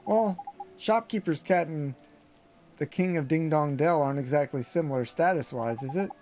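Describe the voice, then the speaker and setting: A man's voice: on the high side, normal speed, a little mellow, soft background music, lightly acted. A man voicing a cheeky small male fairy sidekick with a Welsh accent, chatty and sing-song with lots of tag questions. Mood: exasperated. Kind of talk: reading game dialogue aloud.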